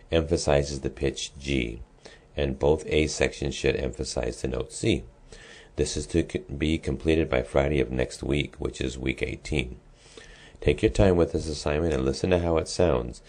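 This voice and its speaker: A music teacher with an extremely deep, low, slightly mellow voice talks students through a class assignment in a screen-recorded lesson. His tone stays steady as he casually explains each step, pausing on ums and restarting sentences.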